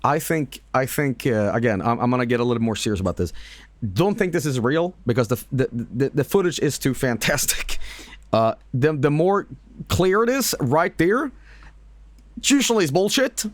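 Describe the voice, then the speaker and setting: A man streaming, casually reacting to videos with lively laughs and swearing. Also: medium pitch, normal speed, no echo.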